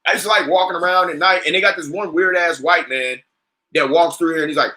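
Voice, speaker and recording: A man hosting a casual podcast, telling comedic stories in a profane, animated rant that breaks into shouting. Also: fairly high pitch, quick pace. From California. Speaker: podcast host.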